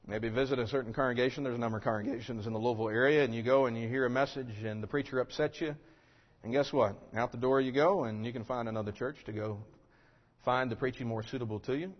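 A man preaching a sermon to his congregation, building to forceful questions and then dropping to a quiet, low voice. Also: quick pace. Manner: emphatic, rising to loud rhetorical questions then dropping low. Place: church sanctuary. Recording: dull recording with long hall reverb.

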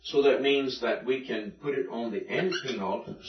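A male teacher with a mid-range voice explains Greek accent rules to his class at a moderate pace, patient and step by step. The classroom recording, made far from the mic, sounds dull and echoey.

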